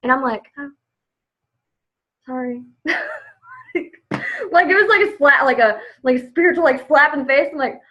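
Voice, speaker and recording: Upbeat chatty woman doing a sales team pep talk, high voice, kinda muffled live stream audio. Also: quick pace, few pauses. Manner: chatty, upbeat, says "like" a lot. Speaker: direct sales team leader. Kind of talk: casual motivational live video.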